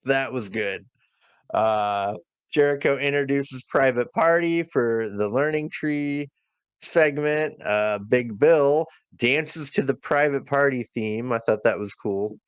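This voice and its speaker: Slow, laid-back man reviewing wrestling. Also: medium pitch, clear, resonant tone, no room sound, dull audio. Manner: laid-back, many ums and uhs, reads from notes. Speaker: podcast co-host. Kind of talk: casual wrestling review chat.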